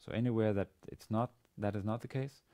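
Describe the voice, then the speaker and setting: A man lecturing on a language lesson, speaking haltingly with many fillers and restarts. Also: on the low side, steady tone, warm tone. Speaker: university lecturer.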